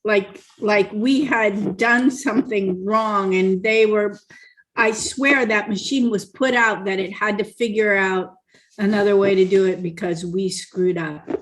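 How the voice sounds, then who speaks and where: A woman's voice: mid-range voice, steady tone, a little slow. Chatty woman co-hosting a coaching show. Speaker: co-host. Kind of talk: casual coaching talk show. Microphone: video call.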